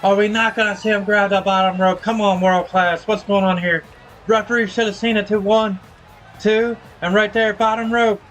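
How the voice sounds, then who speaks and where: A man's voice: sits high, level tone, normal speed, fairly bright tone, faint music behind. A man streaming a wrestling video game, calling the action play-by-play with casual slang. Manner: casual, hypes viewers with slang.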